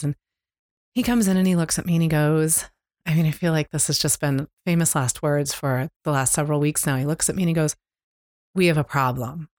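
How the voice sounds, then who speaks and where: A middle-aged woman co-hosting a podcast, candidly retelling a stressful family road trip in a halting, emotional way. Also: sits low, no room sound, studio quality. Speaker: podcast co-host. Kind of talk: casual storytelling chat. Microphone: close podcast mic.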